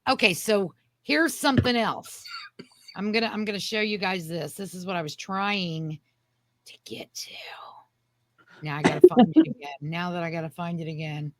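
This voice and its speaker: A woman's voice: lowish voice, normal speed, no echo. A woman co-hosting a casual podcast chat, emphatic and prone to trailing off while she hunts for things. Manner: emphatic, searches for things mid-sentence. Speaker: podcast co-host.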